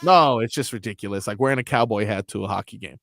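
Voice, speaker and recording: A man co-hosting sports talk radio in casual banter, speaking with emphasis and excitement and laughing often. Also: fairly low pitch, fast talker, creaky.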